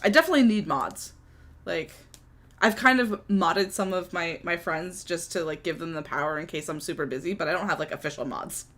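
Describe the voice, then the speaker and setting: A woman co-hosting a podcast in casual chat, chatty and quick to react, with casual swearing. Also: lowish voice, fairly bright tone. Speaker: podcast co-host and streamer.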